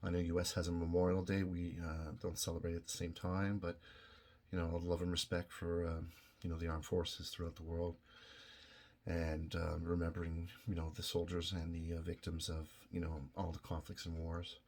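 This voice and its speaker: A middle-aged man from Canada speaks to his viewers in a low, deep voice. He talks slowly and earnestly, full of pauses, fillers and restarts, and he sounds moved. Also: monotone, a little mellow. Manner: halting, many fillers and restarts, emotional. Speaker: video host. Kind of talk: casual direct-to-camera talk.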